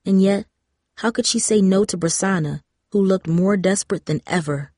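Woman reading a story, steady, mid voice, dry close audio. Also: medium pitch, moderate pace, no echo. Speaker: audiobook narrator. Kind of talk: scripted narration.

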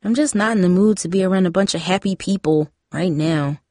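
A woman's voice: on the low side, brisk, mellow, dry recording, clean studio sound, lightly acted. A woman voicing a teenage girl who answers in curt, defensive retorts. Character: teenage girl, guarded and quick to snap.

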